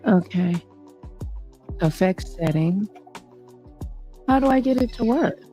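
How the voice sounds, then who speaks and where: A middle-aged woman hosting a casual live stream, thinking aloud in an unhurried way while she sets up her audio gear. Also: medium pitch, expressive, warm tone, faint music behind, poor audio. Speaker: YouTube host.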